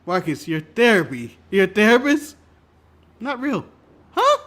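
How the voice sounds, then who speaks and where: A man's voice: high-pitched, sing-song, unhurried, fairly bright tone. A man from the United States co-hosting a wrestling chat show, cursing and laughing as he jokes. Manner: profane, laughing joker. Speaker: podcast co-host. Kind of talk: casual chat.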